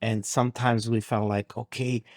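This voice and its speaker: A man's voice: medium pitch, normal speed, dry recording, clean studio sound. A man from Romania guesting on a podcast, speaking hesitantly with many fillers and some jokes. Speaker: guest, family ministry worker. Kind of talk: casual conversation.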